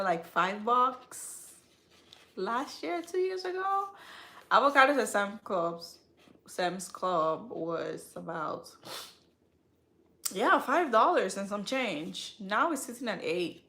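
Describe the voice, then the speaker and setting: Woman chatting on her livestream, slow and unhurried, slangy asides to viewers. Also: mid-range voice, expressive, sharp tone. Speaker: skincare channel host. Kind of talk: casual live-stream chat.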